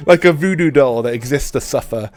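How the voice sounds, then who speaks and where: A man with a mid-range voice, hoarse and stuffed up from being ill, rambles through a live stream. He talks loosely, with restarts and swearing, while faint music plays behind him. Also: mid-range voice, moderate pace, a little mellow. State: stuffy nose after a cold. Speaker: live streamer hosting a retro game stream. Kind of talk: casual live-stream chat.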